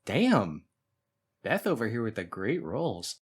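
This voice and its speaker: A man's voice: lowish voice, sing-song, slow pace, slightly rough. A man playing in a tabletop game, talking in a wry, polite way with fillers. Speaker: player. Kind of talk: casual tabletop role-play.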